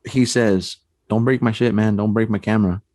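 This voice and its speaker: A man telling a personal ghost story on a podcast, animated and acting out the voices in his tale. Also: lowish voice, normal speed, no echo. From San Antonio, Texas. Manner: animated storyteller, acts out quotes, frequent restarts and "man". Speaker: paranormal investigator guest.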